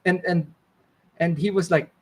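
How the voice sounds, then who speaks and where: A man's voice: high voice, fairly even intonation, measured pace. A man telling a rambling story in casual talk, full of fillers and swearing. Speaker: fishing channel host.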